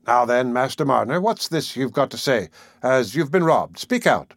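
A man's voice: mid-range voice, animated, normal speed, no echo, studio quality. A man reading aloud voices a village innkeeper who speaks firmly and plainly. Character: firm, conciliatory male village innkeeper.

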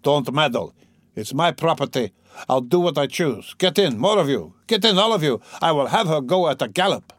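Male reader as brutal drunken young peasant; loud, bullying, swinging pitch, dry read. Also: expressive, moderate pace, no room sound. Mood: boisterous.

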